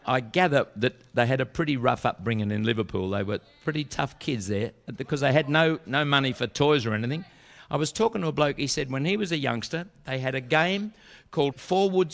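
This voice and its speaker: Comic, relaxed joke-teller, middle-pitched voice. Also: male voice, gravelly. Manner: relaxed, chatty storytelling with laughs. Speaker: comedian. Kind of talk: stand-up joke telling.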